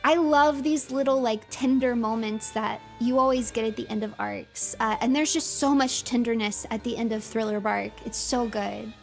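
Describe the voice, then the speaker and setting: A woman streamer in excitable, gushing livestream commentary, laughing often and using lots of fillers. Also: a little high, moderate pace, vocal fry, hardly any pauses, faint music behind.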